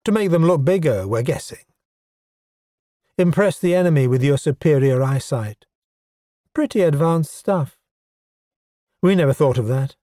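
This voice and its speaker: Proud, eager goblin science officer, voiced by a male narrator; higher, excitable storybook voice, dry booth. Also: unhurried, pauses often, no room sound. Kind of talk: audiobook character voice.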